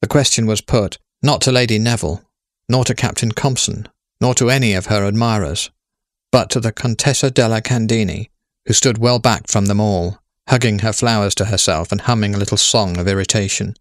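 Low-voiced man narrating calmly. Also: fairly quick, dry recording, studio quality. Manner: calm, even storytelling. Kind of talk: scripted narration.

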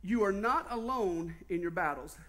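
A man's voice: high voice, moderate pace. A male pastor with a Southern US accent, preaching a sermon, telling stories with animation and constantly asking the congregation questions. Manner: animated storytelling, quizzing the congregation.

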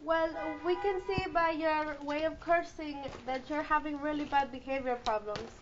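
An actress playing a pushy counselor who speaks broken English sprinkled with Spanish words. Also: female voice, high-pitched, fairly even intonation, normal speed, lightly acted. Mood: smug. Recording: lo-fi film audio with background noise.

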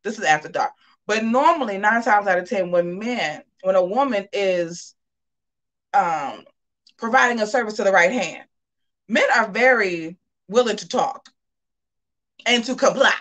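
Animated woman host of a live gossip stream, sassy and chatty, with a lively voice that swings up and down in pitch. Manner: animated, sassy, with drawn-out asides to viewers. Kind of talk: casual live commentary.

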